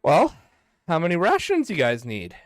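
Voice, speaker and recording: Relaxed man running a tabletop game. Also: a little high, normal speed. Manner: laid-back, laughing, many fillers. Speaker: game master.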